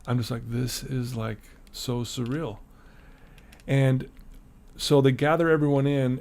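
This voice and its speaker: A middle-aged man, a podcast guest, telling a personal story in a casual interview and acting out the voices of the people in it. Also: mid-range voice. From Utah, USA. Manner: animated storyteller, acts out quoted voices.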